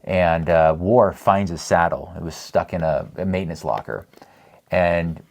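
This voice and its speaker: A man's voice: sits low, measured pace, a little mellow. A man co-hosting a podcast in casual chat, rambling and chatty with frequent laughs. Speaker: podcast co-host.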